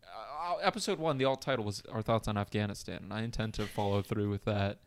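A man's voice: lowish voice, fairly quick, smooth. A man co-hosting a podcast in casual chat, rambling and self-deprecating with a joking tone. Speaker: podcast co-host.

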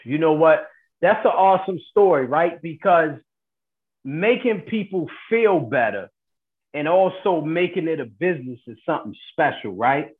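A man's voice: fairly high pitch, animated, normal speed. A man hosting a networking interview show over a video call, upbeat, often tagging "right?" onto his points. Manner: upbeat, asks questions and adds "right?". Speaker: host. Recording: tinny phone-like line.

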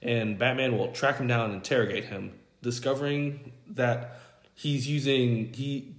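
A young man casually pitching a story, rambling and quoting characters in an offhand voice, with casual swearing. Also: reverberant. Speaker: podcast host.

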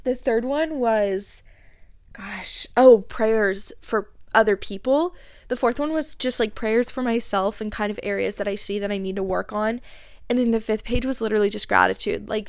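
A young woman with a congested voice, earnestly chatting through a faith podcast episode with frequent fillers and soft laughs. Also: a little high, normal speed, no room sound, studio quality. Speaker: podcast host. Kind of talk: casual faith podcast monologue.

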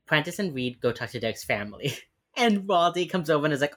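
Talking fast and animatedly in a low voice, a podcast co-host recaps a TV episode in casual chat. She curses freely and performs the characters' lines.

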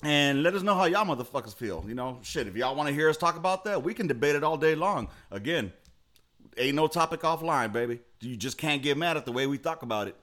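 A man's voice: a little high, expressive, quick pace, fairly bright tone. Blunt, foul-mouthed man on a podcast. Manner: blunt, profane, emphatic. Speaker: podcast co-host. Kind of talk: casual profane chat.

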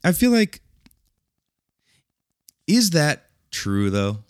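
A man's voice: wildly swooping pitch, extremely slow, clean tone, no echo, studio quality. A man co-hosting a podcast in loose, joking casual chat. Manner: loose, joking, swings pitch widely. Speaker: podcast co-host.

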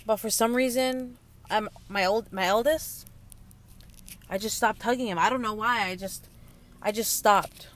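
A young woman and mother speaking in a candid personal monologue, halting and emotional, close to tears. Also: mid-range voice. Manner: halting, emotional, many restarts and pauses. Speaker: young mother sharing her story.

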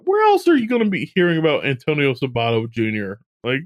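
A man's voice: mid-range voice, huge pitch swings, fast talker, no echo, muffled recording. A man co-hosting a podcast, chatting casually, laughing often and earnestly asking listeners to share the show. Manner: laughs a lot, earnest asides. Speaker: podcast co-host. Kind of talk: casual chat.

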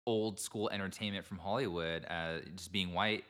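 A man's voice: sits low, fairly even intonation, moderate pace, a bit bright. A young man chatting casually in a group, explaining things earnestly.

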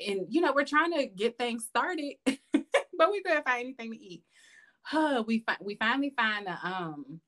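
A woman, a podcast guest, chatting casually and telling lively stories with lots of laughter. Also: on the low side. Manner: animated, laughing, calls listener "girl". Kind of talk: casual storytelling chat.

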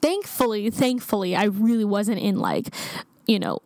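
A young woman telling a personal story in a chatty, animated way, laughing often and filling with "like". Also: mid-range voice, moderate pace, no room sound. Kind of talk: casual storytime vlog.

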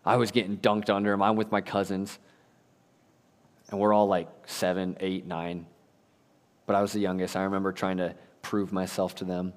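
A man's voice: low-pitched, little pitch movement, moderate pace, pauses often. A young adult man preaching a sermon as a pastor, telling stories animatedly with casual slang. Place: church sanctuary. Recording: long reverb of a church hall.

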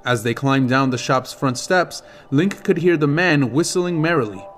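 A man reading a fantasy novel aloud as an audiobook narrator, in a steady, measured storytelling manner. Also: medium pitch, soft background music. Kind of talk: scripted narration.

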